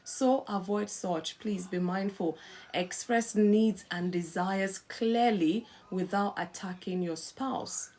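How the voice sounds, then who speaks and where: A middle-aged woman hosting a live-stream talk on marriage, coaching listeners in an earnest, animated way. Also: medium pitch, slow pace. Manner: animated, acts out quarrelling spouses in quotes. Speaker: host.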